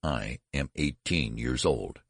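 A man's voice: sits low, animated, brisk, husky, no echo, studio quality, heavily acted. A man voicing an earnest young man who looks old and speaks insistently. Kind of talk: audiobook character voice.

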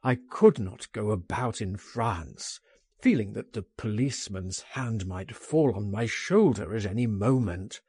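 A man reading an audiobook, voicing a frightened, despairing man on bail who pleads in a higher pitch. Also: animated, measured pace, a little mellow, husky, no room sound, studio quality, full character voice. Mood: resigned.

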